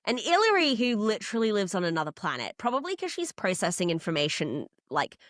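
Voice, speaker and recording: A young Australian woman co-hosting a casual recap chat, animated and gossipy, often slipping into comic voices. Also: medium pitch, a little fast, no echo, studio quality. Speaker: podcast co-host.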